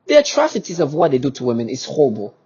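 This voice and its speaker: Husky, emphatic man on lo-fi audio. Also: medium pitch, wildly swooping pitch, racing, darkish tone. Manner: emphatic and repetitive, with many restarts and rhetorical questions. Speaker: vlogger. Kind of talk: agitated monologue to camera.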